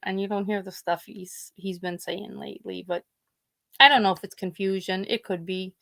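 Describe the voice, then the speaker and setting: A woman's voice: medium pitch, steady tone, normal speed, gravelly, fairly bright tone, no echo. A woman hosting a podcast with a Pennsylvania accent, telling rambling family stories in casual chat and acting out what her relatives said. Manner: rambling storytelling, acts out quoted family members. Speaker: podcast host.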